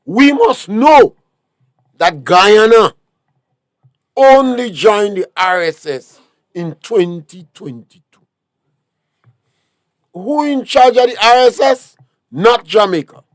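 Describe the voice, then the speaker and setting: Man, Grenadian accent, high pitch, dry close sound, emphatic, lecturing, talk show guest. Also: lively intonation, slow pace, pauses often, dry recording. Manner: lecturing, emphatic, rhetorical questions. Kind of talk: political talk show discussion.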